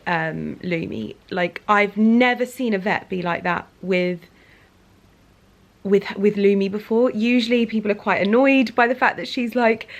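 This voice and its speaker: A woman chatting casually to camera as a vlogger, talking in an emotional way with plenty of fillers and restarts. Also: medium pitch. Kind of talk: casual vlog chat to camera.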